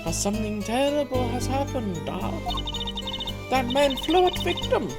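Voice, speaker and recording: A man's voice: very high-pitched, sing-song, unhurried, over loud music, voice pushed up, exaggerated voice. A man voicing a dramatic woman witness with a put-on Russian accent and broken English. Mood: storytelling.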